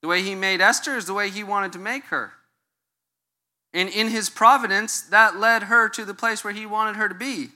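Male pastor, middle-aged, chatty sermon, keeps asking "okay?", sharp bright tone, a bit high. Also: fairly even intonation, moderate pace. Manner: casual and joking, checks in with the audience. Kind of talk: conversational sermon.

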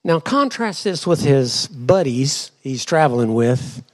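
A man's voice: medium pitch, big pitch swings, takes it slowly, hardly any pauses. A male pastor preaching a sermon to his congregation in church, dramatic and full of rhetorical questions.

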